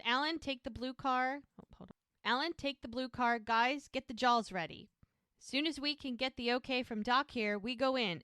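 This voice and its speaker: Quoting characters' dialogue as she recounts TV scenes, this podcast co-host keeps the chat casual. Her voice sits in the mid range and is a bit bright, recorded dry at studio quality.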